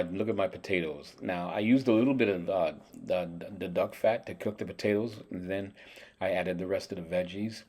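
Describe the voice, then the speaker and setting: A man's voice: sits low, a little mellow, roomy sound. A man hosting a casual home cooking vlog, talking playfully to his viewers and teasing them as he shows off his food. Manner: playful, hyped-up talk to viewers with teasing asides.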